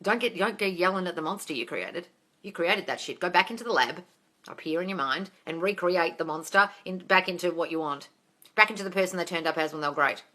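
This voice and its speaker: A woman with a lowish, bright-toned voice hosts a manifesting Q&A live stream, talking fairly quickly and casually as she answers viewer comments. She's frank and swears, reads the comments aloud, and calls listeners darling.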